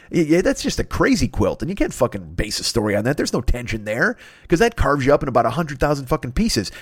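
A man's voice: medium pitch, dry recording, clean studio sound. A man in his fifties, a podcast host, riffing in a rambling, profane comedic rant and acting out silly voices. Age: 50s.

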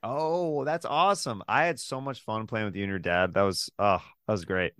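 A man's voice: on the low side, normal speed, fairly bright tone, clear, resonant tone, no echo, clean studio sound. A man in his thirties, a comedian guest in a casual interview, easygoing and self-deprecating.

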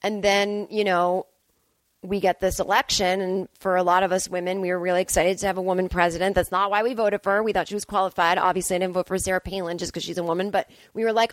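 A woman's voice: fairly low pitch, little pitch movement, fast, dry recording. A woman hosting a podcast from home, talking in a casual comedic monologue as she reads listener emails and rants bluntly, swearing freely. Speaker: podcast host.

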